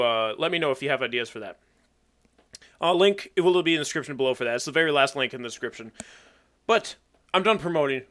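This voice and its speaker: Bright-voiced young man commentating a game. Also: a little high. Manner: chatty, self-mocking, thinks aloud. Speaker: gaming YouTuber. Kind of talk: casual Pokemon battle commentary.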